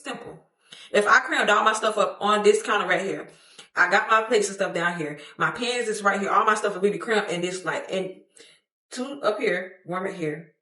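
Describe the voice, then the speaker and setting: A young woman tells a casual storytime vlog, her voice bright and forward. She is animated and slangy, swears freely and acts out what others said. The sound is roomy, with a noticeable echo. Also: medium pitch, normal speed. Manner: expressive, slangy, profane, acts out quotes, laughs often. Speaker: storytime vlogger. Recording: echoey room.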